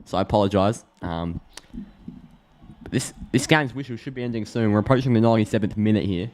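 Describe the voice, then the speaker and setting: An Australian man giving a chatty, excitable live reaction to a football match, thinking aloud and restarting his sentences. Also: lowish voice, a little fast. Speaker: football streamer.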